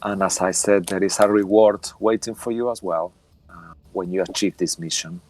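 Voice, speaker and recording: A man's voice: sits low, fairly even intonation, moderate pace, a little mellow, soft background music, natural voice. A man voicing a composed woman town leader, speaking politely with hesitant fillers. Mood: gracious.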